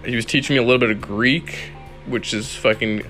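With faint music behind him, this young solo podcaster talks fairly quickly in a steady, medium-pitched voice with a sharp tone. He's relaxed and rambling, curses freely, and laughs now and then.

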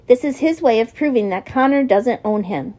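A woman's voice: a little high, expressive, normal speed, mellow. A woman reading an audiobook, voicing a stern, harsh grown man who scolds his young prisoner. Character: gruff grown man, stern jailer, harsh but grudging.

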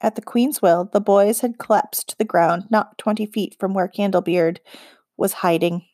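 A woman narrating a children's fantasy audiobook in an even, expressive storytelling voice. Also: medium pitch, normal speed, dry recording, clean studio sound. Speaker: audiobook reader.

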